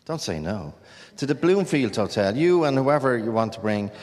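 A man's voice: medium pitch, very animated, moderate pace, a little mellow, in a large hall. A man presenting a live show in a chatty, upbeat way. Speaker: radio presenter.

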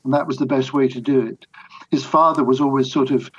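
An older man with a husky, slightly breathy voice answers interview questions at a thoughtful, unhurried pace. He talks in a reflective, anecdotal way and often restarts his sentences. The recording sounds somewhat dull and lo-fi. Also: medium pitch, steady tone. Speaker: biographer guest.

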